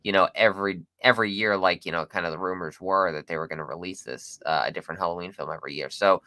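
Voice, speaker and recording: A man with a low voice and a bright, forceful tone co-hosts a casual podcast discussion. He speaks eagerly, often restarting his sentences. The recording is dry and close. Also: no room sound. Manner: enthusiastic, halting with restarts. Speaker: podcast co-host.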